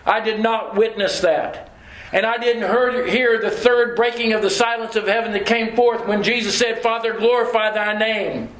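A man's voice: high-pitched, fairly even intonation, moderate pace, a bit bright, reverberant, pitched above the performer's own voice, rough recording. A man voicing the apostle Peter, a grown man speaking in earnest first-person declarations. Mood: solemn.

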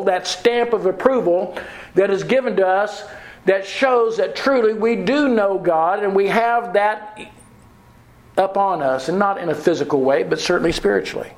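A man with a high voice delivers a sermon. He is earnest, slows right down on quoted verses and repeats key phrases for emphasis. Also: low-quality recording. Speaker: preacher.

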